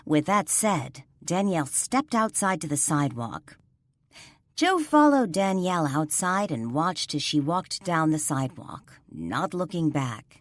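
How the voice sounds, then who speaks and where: A woman reads a ghost mystery audiobook with a low but lively voice. The recording is dry and close. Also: a little slow, dry recording. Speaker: audiobook narrator. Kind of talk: scripted narration.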